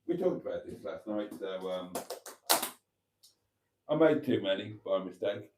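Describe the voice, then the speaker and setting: A man with a lowish voice chats through his nightly livestream at an unhurried, drawn-out pace. He speaks gently and affectionately, often letting his sentences fade off quietly. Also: animated, background noise. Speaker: channel host. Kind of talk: casual nightly livestream chat.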